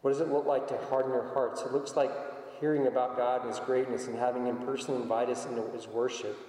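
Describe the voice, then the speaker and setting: A man's voice: mid-range voice, little pitch movement, fast talker, mellow. A man preaching a conversational sermon, telling everyday stories to make his point. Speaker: pastor. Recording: echoey hall, voice from far off.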